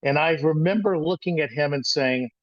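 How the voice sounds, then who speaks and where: An older man in his sixties tells a story from his own childhood, wandering and halting as he goes, with plenty of restarts. The sound is dry and a little dull, with no room around his voice. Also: fairly high pitch, dry recording. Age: 60s. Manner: rambling, halting with frequent restarts. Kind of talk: personal storytelling talk.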